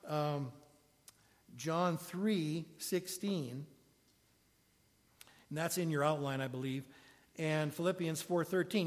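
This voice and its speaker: A man with a fairly high voice preaches a sermon in a church sanctuary. He talks in a conversational way and asks the congregation questions as he goes. His voice rings with the long reverb of a large hall.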